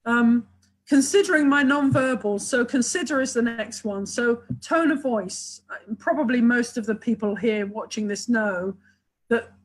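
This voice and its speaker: A couples therapist speaks in a webinar, her voice a little higher than most women's. She is enthusiastic and talkative, piling up examples as she explains. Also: measured pace, rough recording. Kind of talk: webinar talk.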